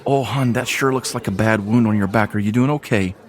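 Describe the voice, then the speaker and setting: A man's voice: on the low side, a little fast, lightly acted. A man putting on a motherly tavern-keeper woman. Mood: soothing. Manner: motherly, calls people hon. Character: kindly bustling woman tavern owner and healer.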